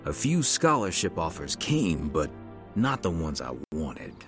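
A middle-aged man calmly narrating his own life story as a testimony. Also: low-pitched, unhurried. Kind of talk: testimony narration over music. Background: music.

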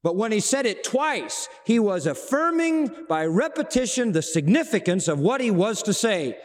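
Man, preacher, sermon, dramatic, hushed lows to ringing highs, very animated pitch, long hall reverb. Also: normal speed.

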